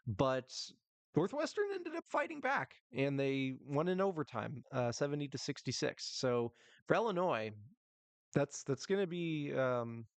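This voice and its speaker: A man's voice: a little high, very animated, measured pace, dry recording. Young guy doing a solo sports podcast, rambly and chill, lots of ums, dry close mic. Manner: casual and rambling, with frequent ums and little laughs. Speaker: podcast host.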